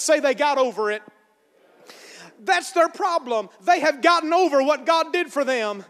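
A man pastor preaching a sermon to a congregation, calling for responses and building to shouts. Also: extremely high pitch, animated, normal speed, in a large hall. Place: church sanctuary.

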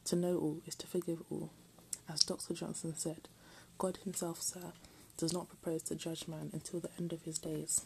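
A woman reading a text aloud in a soft, often half-whispered voice, breaking off for self-mocking jokes. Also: low-pitched, level tone, moderate pace, gravelly, hardly any pauses, slight background noise, low-quality recording. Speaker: reader.

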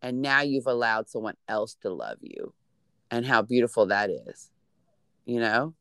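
A woman's voice: rumbling low, lively intonation, a little slow, a bit bright, no room sound, clean studio sound. A woman chatting casually, effusive and encouraging toward her friend. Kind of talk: casual chat.

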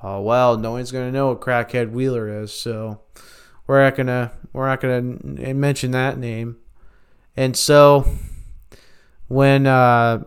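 Man storyteller, slow and rambling, very clean smooth voice, casual and halting. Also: medium pitch, fairly even intonation. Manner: rambling, halting, full of fillers and restarts. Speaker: storyteller, former fast-food worker.

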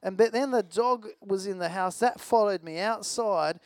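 A man's voice: high-pitched, moderate pace, dry recording. A man preaching a sermon in a conversational, storytelling way, with a self-deprecating personal anecdote.

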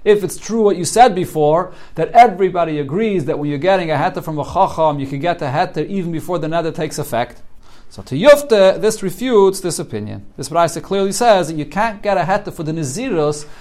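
A man's voice: fairly high pitch, animated, brisk, a little mellow. A man teaching a Talmud class in English with Yeshivish terms, translating the Aramaic text line by line and explaining it as he goes. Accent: English with Yeshivish Hebrew and Aramaic terms. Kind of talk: daily Talmud study class.

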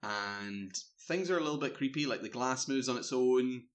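Man, casual podcast chat, rambling film recap full of "like" and "um", mid-pitched voice. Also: normal speed. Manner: rambling, filler-heavy, animated retelling.

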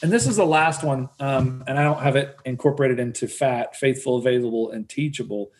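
A man's voice: medium pitch, fairly quick. Earnest middle-aged guy answering interview questions, stumbles and repeats words a bit. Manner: earnest, repeats words often when starting a thought. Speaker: real estate investor guest.

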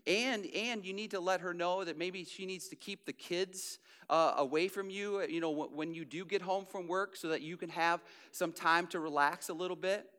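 A male pastor preaching in a loose, conversational way, often restarting a phrase before pressing his point. His voice sits high for a man and comes through smooth and resonant. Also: fairly even intonation, normal speed, few pauses, bright, forceful tone. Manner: conversational preaching with frequent restarts and rising emphasis. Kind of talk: sermon.

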